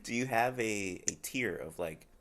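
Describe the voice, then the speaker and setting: Male podcast host, relaxed and trailing, bright lively delivery. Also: lowish voice, unhurried, a little hiss or hum. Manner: laid-back, trails off quietly, laughs loudly. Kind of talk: casual interview chat.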